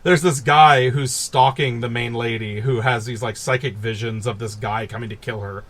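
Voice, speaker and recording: A man on a podcast telling a story in casual chat, animated, laughing and swearing as he goes. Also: mid-range voice, normal speed. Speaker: podcast co-host.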